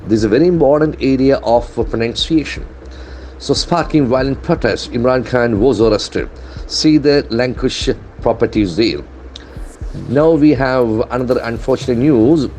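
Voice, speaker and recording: Deliberate language teacher. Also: male voice, mid-range voice, darkish tone, slight background noise. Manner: deliberate teacher, spells out and repeats words. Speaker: English language trainer. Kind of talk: newspaper-based English lesson.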